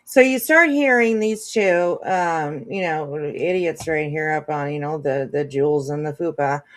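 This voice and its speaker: Rambling woman commentator, low voice. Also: unhurried. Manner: rambling with many fillers and restarts. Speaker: commentary channel host. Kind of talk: casual commentary.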